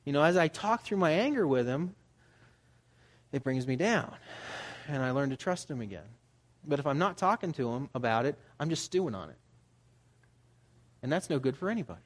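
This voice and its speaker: A man preaching as a pastor, in a conversational style that builds to emphatic urging. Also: medium pitch. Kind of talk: sermon.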